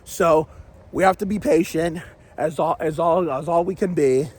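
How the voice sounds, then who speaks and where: A man with a sore, raspy throat talking casually to his vlog viewers, rambling and restarting sentences as he goes. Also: on the high side, moderate pace, darkish tone, low-quality recording. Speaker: vlogger.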